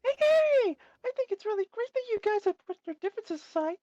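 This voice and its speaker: A man voicing a bubbly, cheerful young girl in a read-aloud story, squealing and rapid-fire. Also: very high-pitched, very animated, dark tone, no room sound, lo-fi sound, soft background music, voice pushed up.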